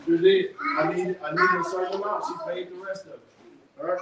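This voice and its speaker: High-voiced man preaching in an echoey hall. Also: fairly quick, gravelly. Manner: animated storytelling with casual vernacular. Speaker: workshop speaker. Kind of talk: testimony talk to an audience. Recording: echoey room, distant mic, background noise.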